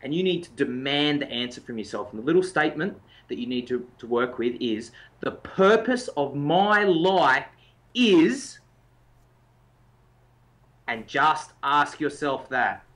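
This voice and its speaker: A man's voice: medium pitch, moderate pace, hardly any pauses, fairly bright tone. A man co-hosting a motivational podcast as a life coach, talking in an emphatic, coaching way and demonstrating intensity.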